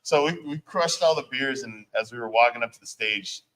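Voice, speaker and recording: A man's voice: medium pitch, brisk, fairly bright tone, a little hiss or hum, low-quality recording. A man who plays in a band, a guest on an interview show, telling road stories in a loose, casual way, swearing freely and using lots of fillers. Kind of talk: casual storytelling chat.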